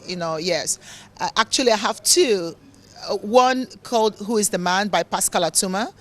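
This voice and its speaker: This woman speaks at normal speed in a medium-pitched, slightly bright voice. Originally from Nigeria, she answers interview questions as a motivational speaker and author, with a mixed accent of English, African and Italian tones that's hard to place. Her manner is earnest and preachy, with words repeated for emphasis.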